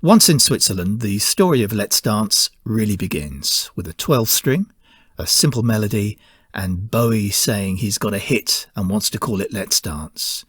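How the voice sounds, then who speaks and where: Male narrator, low husky voice, dry close sound, measured scripted storytelling. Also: expressive, no room sound. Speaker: podcast host.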